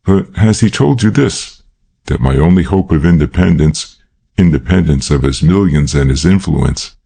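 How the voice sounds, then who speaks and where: Man voicing an earnest young man, pleading, very deep voice, husky, audiobook. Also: lively intonation, normal speed, dark tone, heavily acted.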